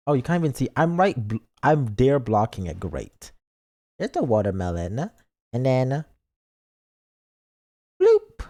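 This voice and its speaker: A male VTuber chats through his game stream with a goofy, teasing streak, and gets mock-defensive with his viewers. His pitch jumps around in a lively, expressive way, sitting at a middle height for a man. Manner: playful, goofy, mock-defensive banter with chat. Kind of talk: casual game stream chat.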